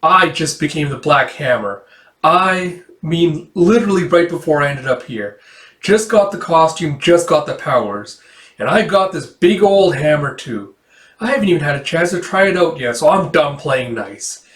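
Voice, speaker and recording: A woman's voice: sits low, expressive, normal speed, roomy sound, voice pushed up. A man reading as a defiant young superhero woman. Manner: defiant, taunting.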